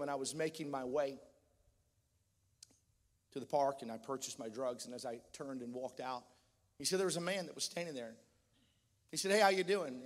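A man preaching a sermon, retelling a testimony in quotes and building to shouted fervor. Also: mid-range voice. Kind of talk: sermon storytelling. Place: church sanctuary. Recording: long reverb of a church hall.

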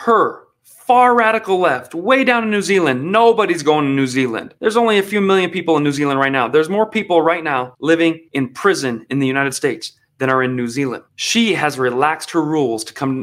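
A man hosting a political commentary show, his voice sitting a little high. He rants sarcastically and mocks what he plays, building up with scorn. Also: fairly bright tone. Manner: sarcastic, mocking. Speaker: commentary host.

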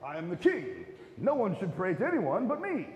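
A man voicing a proud, self-important ancient king, slow and pompous, with roomy hall reverb. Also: high-pitched, huge pitch swings, lo-fi sound.

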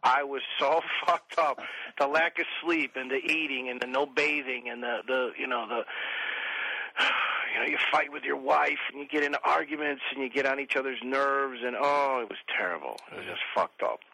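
Casting: forties man, bright husky voice, lively swearing storyteller. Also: mid-range voice, normal speed, poor audio. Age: 40s. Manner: profane, animated storyteller who mimics others. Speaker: podcast guest. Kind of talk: casual chat.

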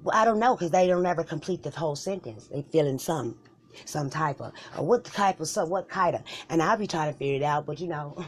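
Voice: mid-range voice, expressive, fairly quick, breathy edge. A performer in a solo comedy skit voicing both sides of a bickering couple, with slangy, profane banter and mumbled asides. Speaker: comedic podcaster.

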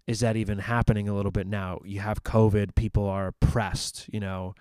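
A church ministry man chats easily about faith, working through his thoughts out loud with filler pauses and sentences he starts over. He speaks in a fairly low, clean-toned voice. The audio sounds close and dry, without any echo from the room.

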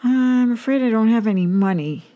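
A woman's voice: on the high side, expressive, normal speed, mellow, voice pushed up, close to an everyday voice. A woman voicing a pushy, pleading broke man at a bar in a told joke.

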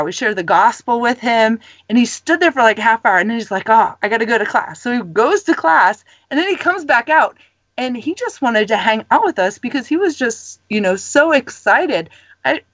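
Animated woman telling stories, lo-fi sound. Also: fairly high pitch, no echo. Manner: animated storytelling, laughing often. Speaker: campus ministry guest. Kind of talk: casual chat.

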